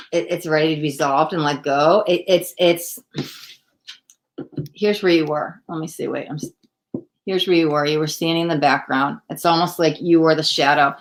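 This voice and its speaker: A woman hosting a live psychic tarot reading, talking straight to the viewer in a chatty, excitable way and often breaking off mid-sentence. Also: lowish voice. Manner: chatty, excitable, self-interrupting, addresses viewer directly. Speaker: psychic tarot reader, host.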